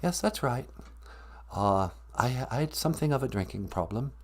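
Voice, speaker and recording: A man putting on a dead male English rock star's ghost with an English accent, speaking in a soft, formal, courtly way. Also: mid-range voice, expressive, moderate pace. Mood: confessional.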